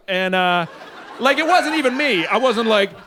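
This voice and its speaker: A man in his forties works through a live stand-up set with a noticeably high voice. He rambles in loose, chatty runs and jumps into shrill, exaggerated quoted lines. He speaks into a handheld mic on stage. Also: unhurried, a bit bright, a faint crowd, slight background noise. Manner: loose, rambling delivery with sudden high-pitched acted quotes. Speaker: stand-up comedian. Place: stage at a live comedy show.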